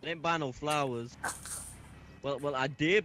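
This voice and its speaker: A man's voice: on the high side, normal speed. Brash, swearing man on noisy voice chat. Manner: brash slangy swearing, laughs often. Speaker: roleplay gamer playing a street-tough son. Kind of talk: in-character game roleplay.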